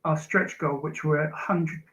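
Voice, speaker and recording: Man, comic creator, keen pitch, muffled web-call sound. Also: steady tone, a little slow, fairly bright tone. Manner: pitching his campaign with enthusiasm. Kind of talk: livestream chat. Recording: dull lo-fi stream audio.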